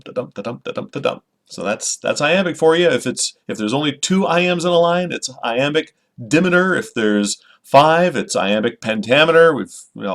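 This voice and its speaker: A middle-aged man, a children's poet, giving an informal, friendly lesson to camera, with many fillers and restarts. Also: on the low side. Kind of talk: informal teaching talk to camera.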